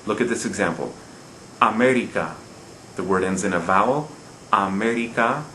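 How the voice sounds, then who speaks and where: A man's voice: low voice, fast talker, a bit bright, roomy sound, slight background noise, rough recording. A man teaching a lesson on Spanish word stress, patiently repeating each rule and often checking in with his listeners. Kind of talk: recorded classroom lesson.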